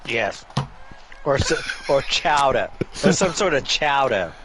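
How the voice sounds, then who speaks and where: A man's voice: medium pitch, very animated, takes it slowly, background noise. A man doing casual color commentary on a wrestling video game, full of goofy puns and wordplay. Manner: goofy, punning, wordplay banter.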